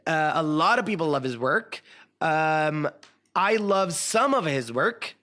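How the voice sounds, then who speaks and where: A man's voice: a little high, expressive, slow pace, pushed and bright. A man hosting a casual chat, giving strong opinions with frequent ums and restarts. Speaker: host.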